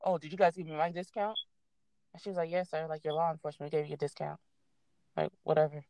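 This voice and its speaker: A young adult woman casually telling a story, animated and swearing freely as she acts out what people said. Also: deep voice, quick pace, a little hiss or hum.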